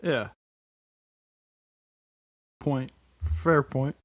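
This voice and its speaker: A man's voice: mid-range voice, drawn-out words, dry recording, studio quality. A man co-hosting a podcast, laid-back, mostly answering with short replies. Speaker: podcast co-host. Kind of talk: casual chat.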